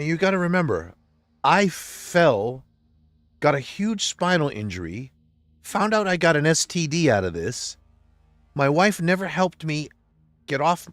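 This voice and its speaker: An upset man hosting a livestream, giving an emotional personal monologue. He vents with passion and swings between quiet, low stretches and loud outbursts. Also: no echo. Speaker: livestream host.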